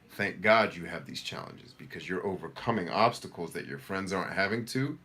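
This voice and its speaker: A middle-aged man with a low, deep voice runs a casual live coaching session, reading viewer comments aloud. He answers in a direct, energetic, motivational way. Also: normal speed, slight background noise. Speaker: life coach hosting a live Q&A.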